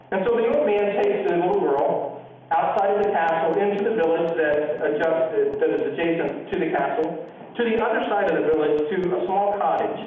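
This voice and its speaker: A man's voice: high voice, slight background noise. Man preaching, dramatic story pacing, tinny sound from the back of a church. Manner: slow, dramatic storytelling with pauses. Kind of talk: sermon storytelling. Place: church sanctuary. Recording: distant echoey church, phone-like sound.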